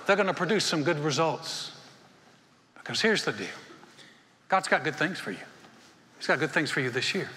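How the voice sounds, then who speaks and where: A senior pastor preaching a sermon in a folksy storytelling way, acting out little dialogues between churchgoers. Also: male voice, a little high, pushed and bright. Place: church auditorium. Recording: long hall reverb.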